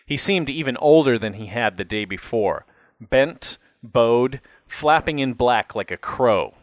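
A man's voice: medium pitch, lively intonation, measured pace, no room sound. A man reading a first-person memoir aloud with a wry, reflective manner. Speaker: narrator. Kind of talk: first-person audiobook narration.

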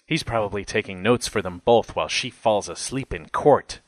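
A man's voice: lowish voice, normal speed, no echo, close to an everyday voice. A man voicing a confident, chatty male church leader with an offhand manner. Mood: casual.

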